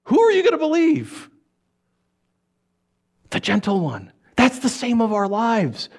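A man's voice: extremely high pitch, a little slow. A man preaching a sermon, telling stories and acting out the people in them. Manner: animated storytelling, acts out shouting characters. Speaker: pastor.

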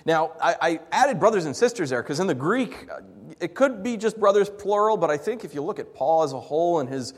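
Male pastor, slightly high voice, lively and jokey sermon delivery with loud and hushed swings. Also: brisk, big-room sound.

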